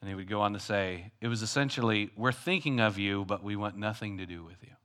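A man preaching a sermon as pastor, animated, moving between loud calls and quiet asides. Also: on the low side, fairly quick.

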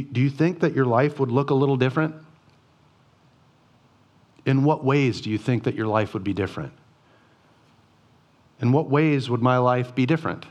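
Earnest male Bible teacher, slightly high voice, unhurried and reflective. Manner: earnest, reflective, asks rhetorical questions. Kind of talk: devotional Bible reading and teaching.

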